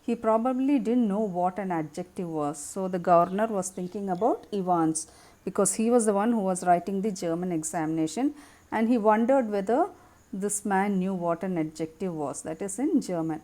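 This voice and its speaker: A woman's voice: medium pitch, moderate pace, dark tone. A woman, teaching a lesson by reading a text aloud and explaining it line by line. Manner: reads a passage aloud, then explains it in simple words. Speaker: English teacher.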